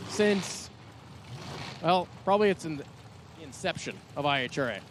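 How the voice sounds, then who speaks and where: A man announcing drag racing live at the track, excitable and folksy, quick with a joke. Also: high voice, slight background noise. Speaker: track announcer and assistant general manager. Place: outdoor drag strip. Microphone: hand-held announcer mic.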